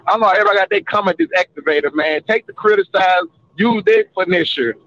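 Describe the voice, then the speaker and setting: A man's voice: sits high, a little fast, a bit bright, no echo, lo-fi sound. A man calling in from his truck on the road, talking in a loose, rambling, fired-up way. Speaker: caller. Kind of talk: casual phone-in chat.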